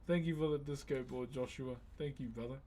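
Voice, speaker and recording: Speaking a little slowly in a warm, mid-range voice, a man with a New Zealand accent runs a live stream, chatting easily and thanking viewers by name with friendly slang.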